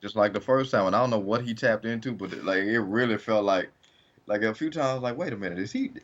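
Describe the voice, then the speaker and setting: A man's voice: lowish voice, brisk, slight background noise. A man co-hosting a podcast, laid-back and rambling in casual chat. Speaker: podcast co-host. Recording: dull lo-fi mic.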